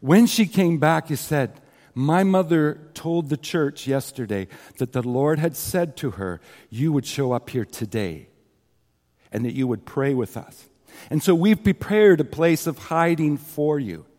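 A man's voice: on the high side, animated, unhurried, a little mellow. A man preaching a sermon, earnestly retelling a story with quoted scripture and asides to the congregation. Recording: long hall reverb.

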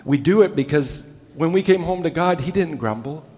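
Man, pastor, sermon, emphatic, slightly high voice, long hall reverb. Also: expressive, normal speed. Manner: emphatic, drops low and soft on key words.

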